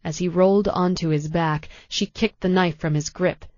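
A woman reading a thriller audiobook in a measured, tense, deliberate way. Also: fairly low pitch, steady tone, a little mellow, no echo, lo-fi sound. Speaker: audiobook narrator. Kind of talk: scripted audiobook narration.

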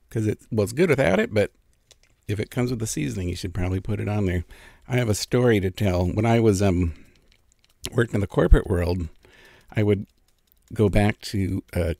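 A man's voice: on the low side, normal speed, long pauses, mellow, dry recording, clean studio sound. A middle-aged man from California chatting casually as a food vlogger, savoring each bite between remarks. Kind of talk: casual mukbang eating vlog.

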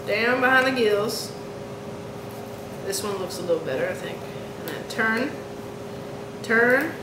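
Young woman, chatty how-to vlog, slightly high voice, echoey room, background noise. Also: animated, a little slow. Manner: chatty, self-coaching while working. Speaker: vlogger.

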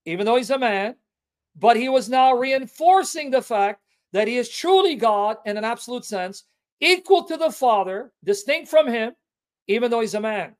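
A man's voice: very high voice, animated. Man taunting a rival on a livestream. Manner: taunting, repeatedly calling out an opponent; emphatic, with drawn-out stressed phrases. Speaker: Christian apologetics livestream host. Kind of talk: combative livestream preaching.

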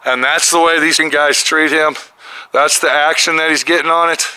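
A man's voice: a little high, fairly even intonation, normal speed, sharp tone, clean tone, poor audio. A man hosting a vlog at his car shop, ranting angrily and cursing in exasperation, with music playing under his voice. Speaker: mechanic and channel host. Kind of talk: casual vlog walkthrough.

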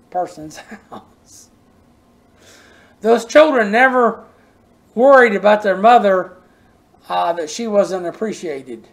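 An older man preaching a sermon, telling homespun stories and repeating words for emphasis, sometimes dropping to a soft near-whisper. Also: high voice. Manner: folksy storytelling, repeats words when stressing a point.

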